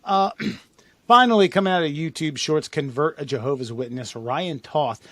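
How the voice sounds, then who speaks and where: A man's voice: on the high side, normal speed, a bit bright, no room sound. A man co-hosting a podcast, casually reading out listener comments with loose, jokey asides and frequent laughs. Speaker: podcast co-host.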